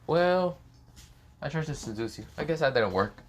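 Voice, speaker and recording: A man's voice: on the high side, expressive, normal speed, voice pushed up. Man doing a teasing schoolgirl voice, playful, girly, cheeky, fan story reading.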